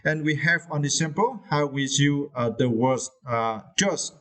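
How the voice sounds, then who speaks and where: A man teaching an English vocabulary lesson. His voice sits fairly high for a man. He talks with frequent fillers and keeps checking in with "right?". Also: expressive, measured pace, a bit bright. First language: Vietnamese. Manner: hesitant, many fillers and tag questions.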